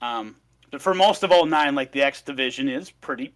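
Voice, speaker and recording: A man's voice: medium pitch, a little fast, a bit bright. A man on a casual podcast, recapping notes in an upbeat, slightly scattered way. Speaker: podcast co-host reading out history notes.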